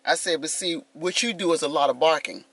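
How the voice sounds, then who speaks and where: A woman's voice: deep voice, brisk, dry recording. A woman in her fifties talking casually to her vlog viewers, telling a story with lots of animation and calling them y'all. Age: 50s. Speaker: vlogger.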